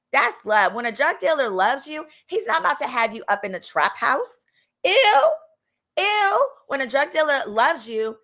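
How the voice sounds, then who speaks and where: Sassy lawyer lady doing storytime, bright voice, kinda high, really animated. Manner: animated, sassy, talks straight to viewers. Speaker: lawyer and channel host. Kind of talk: casual storytime.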